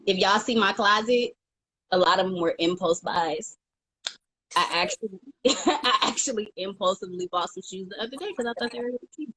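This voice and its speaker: Giggly animated woman co-host. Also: medium pitch, fairly quick, breathy edge, low-quality recording. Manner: animated, giggly, acts out her inner voice. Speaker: podcast co-host. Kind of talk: casual chat.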